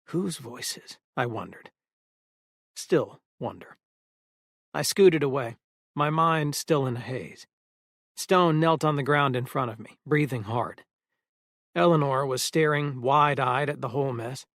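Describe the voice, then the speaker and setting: Gravelly male audiobook narrator. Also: medium pitch, unhurried, no room sound, studio quality. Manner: steady storytelling. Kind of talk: first-person audiobook narration.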